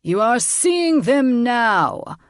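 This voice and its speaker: A woman's voice: lowish voice, no room sound, clean studio sound. A woman playing Tormund, a growling dragon king. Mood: menacing. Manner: growling, slow and commanding. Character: menacing male dragon king, arrogant and blustering.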